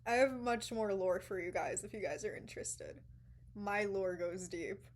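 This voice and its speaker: A young woman chatting straight to her viewers in a loose storytime vlog. She tells it dramatically, with bursts of swearing and sudden hushed whispers. Her voice sits at an ordinary middle pitch for a woman. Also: moderate pace. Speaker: vlogger.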